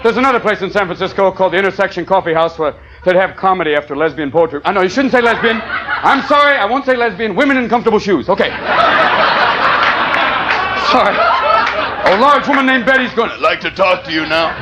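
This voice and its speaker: Brief: high-pitched male comic, manic rapid-fire improv, loud laughing crowd, noisy live room. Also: lively intonation. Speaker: stand-up comedian. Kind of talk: improvised stand-up routine. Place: comedy club stage. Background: audience laughing.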